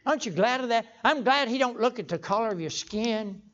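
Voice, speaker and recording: Folksy older preacher, stammering. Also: male voice, extremely high pitch, lively intonation, a little fast, a bit bright. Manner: folksy storytelling, stammering restarts, sudden emphatic outbursts. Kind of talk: folksy sermon. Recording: dull lo-fi sermon recording.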